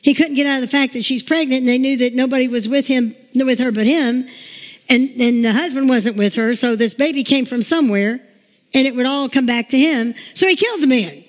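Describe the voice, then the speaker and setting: A woman's voice: high voice, brisk. A woman pastor giving a chatty, emotional sermon, telling stories and laughing along the way. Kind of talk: informal sermon with storytelling. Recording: long reverb in a large room.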